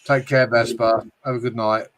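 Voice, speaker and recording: Casting: middle-aged British male streamer, jokey and sweary, chatting to viewers, mid-pitched voice. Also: little pitch movement, normal speed, a bit bright. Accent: British English. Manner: jokey, swearing, frequent laughs. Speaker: livestream host reading chat. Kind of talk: casual livestream chat.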